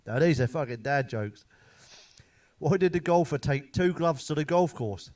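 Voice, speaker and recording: A middle-aged stand-up comedian tells one-liners and dad jokes, swearing freely and laughing at his own punchlines. His voice sits on the high side with a darkish tone, and he's animated and a little slow.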